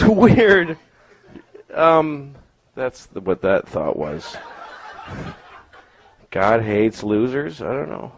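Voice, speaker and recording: A man's voice: on the high side, rough recording. A man doing a stand-up set in a comedy club, rambling and profane, with self-mocking asides.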